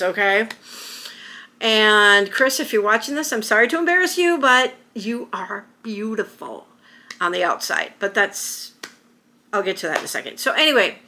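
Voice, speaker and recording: A woman's voice: mid-range voice, sharp tone. A middle-aged woman vlogging to camera, telling a personal story in a rambling, emotional way with many restarts. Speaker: YouTuber.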